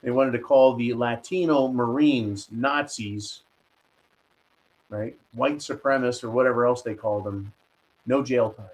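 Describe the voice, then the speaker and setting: A man's voice: medium pitch, fairly even intonation, measured pace, low-quality recording. Indignant man hosting a commentary show. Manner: indignant, sarcastic, ranting. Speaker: host.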